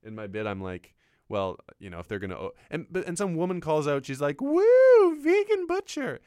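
Guy rambling on a radio show, pitch jumping all over, pokes fun at himself, dry close studio sound. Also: brisk, clean tone, no room sound. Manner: rambling, self-mocking, animated. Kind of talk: casual riffing monologue.

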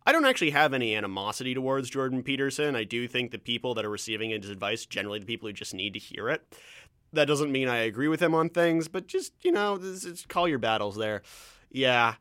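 A man's voice: medium pitch, expressive, quick pace, sharp tone, no room sound, clean studio sound. A Canadian man from Ontario hosting a solo podcast, rambling through tangents with frequent restarts and a slight stammer. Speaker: podcast host. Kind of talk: casual solo podcast chat.

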